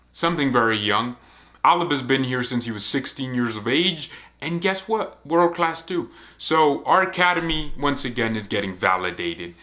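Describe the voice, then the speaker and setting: A young man gives casual football commentary for his fan vlog. His delivery is joking and animated, and his voice has a bright, forceful ring. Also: mid-range voice. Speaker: football channel host.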